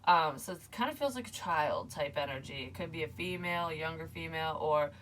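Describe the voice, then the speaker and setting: A woman's voice: sits low, fairly quick, a bit bright, far from the mic, slight background noise. A woman psychic medium talking casually through a reading, rambling and swearing with frequent laughs. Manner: rambling, profane, laughs often.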